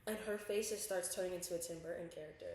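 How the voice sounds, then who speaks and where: A woman's voice: on the low side, fast talker, a little mellow. Profane young woman storyteller in an echoey room. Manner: profane, vivid storyteller who acts out her own quotes. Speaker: podcast co-host. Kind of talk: casual storytelling chat.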